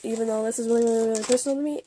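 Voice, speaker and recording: A young woman talks to the camera in a casual, confessional vlog. Her voice sits a little high. She speaks haltingly, with plenty of ums and restarts, and sometimes drops to a whisper. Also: fairly even intonation, dark tone, slight background noise. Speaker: vlogger.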